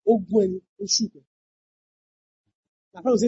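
A pastor delivers a sermon in a rough, very husky voice whose pitch leaps around with lively energy. The delivery is emphatic, with repeated phrases and sudden shouted cries. The recording sounds dull and lo-fi, with a dry, close sound. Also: normal speed, pauses often, no room sound. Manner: emphatic, repeats lines, bursts into shouted exclamations.

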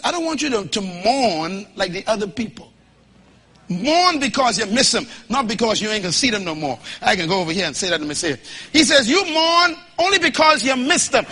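A man from the Bahamas, preaching a sermon in an emphatic, folksy and humorous way that builds to shouting as he urges the congregation to respond. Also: very high-pitched, husky.

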